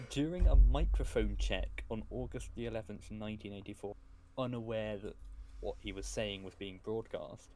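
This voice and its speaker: A man's voice: on the low side, normal speed, warm tone. A man co-hosting a casual podcast, joking and laughing a lot. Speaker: podcast co-host. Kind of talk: casual chat.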